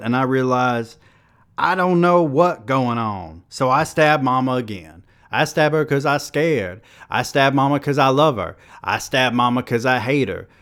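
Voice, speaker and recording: A man's voice: medium pitch, fairly bright tone, voice pushed up, close to an everyday voice. A man voicing an angry, troubled nineteen-year-old who bluntly tells a violent dream in street dialect.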